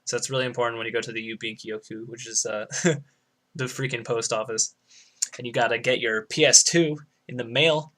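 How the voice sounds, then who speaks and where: A man's voice: medium pitch, steady tone, normal speed, a bit bright. Rambling young man, casual commentary. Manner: rambling and loose, lots of "like", swears freely; explaining Japanese words like a student. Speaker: speedrunner. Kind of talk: casual commentary over a game run.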